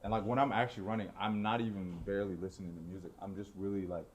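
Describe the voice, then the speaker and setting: A man's voice: fairly low pitch, steady tone, racing, slight background noise. A young man chatting casually on a podcast, rambling with lots of "like" and "bro". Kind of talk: casual chat.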